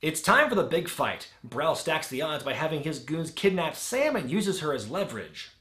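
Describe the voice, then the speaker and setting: A man giving a sarcastic, comedic movie review with sudden shouted outbursts. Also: on the high side, big pitch swings, normal speed, reverberant. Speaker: wrestling film reviewer.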